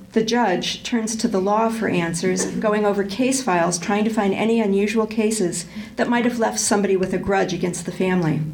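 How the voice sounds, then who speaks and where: A woman's voice: mid-range voice, gravelly, a little mellow, a little hiss or hum, low-quality recording. A woman reading from a novel aloud and then talking it over thoughtfully, with frequent ums and restarts. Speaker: book discussion presenter.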